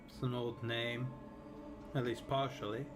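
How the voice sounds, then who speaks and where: A man playing a tabletop game who speaks quietly and in character. His voice sits at a medium pitch. He keeps his lines short and low-key. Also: level tone, measured pace, music in the background. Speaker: player.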